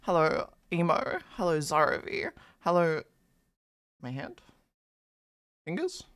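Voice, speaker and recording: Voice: mid-range voice, huge pitch swings, takes it slowly, a bit bright, no echo, clean studio sound. A live streamer chatting casually with viewers, greeting chatters by name and swearing freely in playful, mock-dramatic rants. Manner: mock-dramatic, hypes things up then undercuts them.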